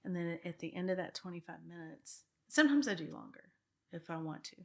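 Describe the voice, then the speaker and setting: A low, gravelly-voiced woman in her fifties, a real estate broker, speaks animatedly and fairly quickly as an interview guest. Her casual talk is earnest and reflective, with many restarts and soft bits of laughter.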